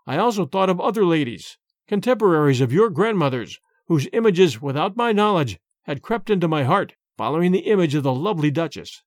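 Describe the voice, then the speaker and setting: A man narrating a first-person story in a measured storytelling manner. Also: a little high, very animated, dry recording, studio quality. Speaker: audiobook narrator.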